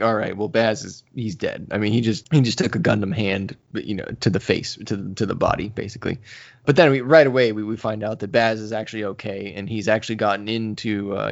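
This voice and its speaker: A man co-hosting a podcast, casually recapping a manga and acting out the characters' lines. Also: fairly low pitch. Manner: animated storytelling, acts out characters' lines. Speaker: podcast co-host. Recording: slightly dull lo-fi audio.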